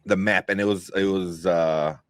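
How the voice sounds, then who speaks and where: A man's voice: deep voice, steady tone, normal speed, no room sound, clean studio sound. A young man co-hosting a casual movie review chat, rambling with lots of fillers and restarts. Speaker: podcast co-host.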